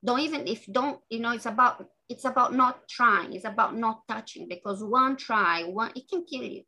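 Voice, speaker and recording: A woman author talking earnestly as an interview guest, halting and restarting her sentences often. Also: on the high side, bright, forceful tone, rough recording. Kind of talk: podcast interview conversation.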